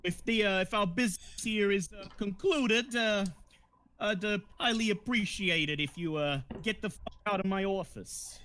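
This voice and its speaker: A man voicing a menacing male mob boss who talks in a slow, threatening drawl with swearing. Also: high-pitched, pushed and bright, slight background noise, voice pushed up.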